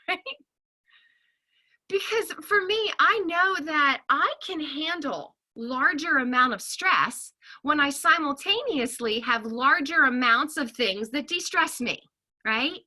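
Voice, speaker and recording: A licensed counselor with a high, very bright and ringing voice gives a friendly talk to a group of women. Speaking slowly and animatedly, she keeps checking in with "okay?" and "right?" and laughs readily between points.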